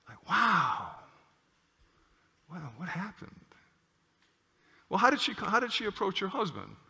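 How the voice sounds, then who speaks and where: A male clinician giving an animated lecture with stories, often checking in with "okay?". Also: sits high, unhurried, vocal fry, long pauses. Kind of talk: lecture with storytelling. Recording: long hall reverb.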